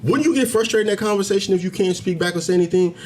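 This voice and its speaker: A man's voice: sits high, rapid-fire, a little mellow. Man, commentary rant to camera, preachy, emphatic, heated peaks, faint background noise. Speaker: commentary channel host. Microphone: camera mic, facing camera.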